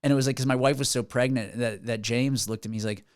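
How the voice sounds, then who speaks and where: An earnest man in his forties talks through his story in a podcast studio, circling back and restarting often. His voice sits at a middle pitch and sounds dry and close to the mic. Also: steady tone, quick pace, no room sound. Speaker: musician guest. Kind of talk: casual podcast interview.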